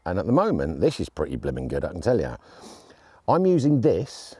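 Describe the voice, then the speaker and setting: Lively, mellow-voiced chatty man. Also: deep voice, breathy edge, no echo. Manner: chatty, jokey and enthusiastic. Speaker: airgun gear reviewer. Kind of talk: casual gear review. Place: outdoors on shooting land.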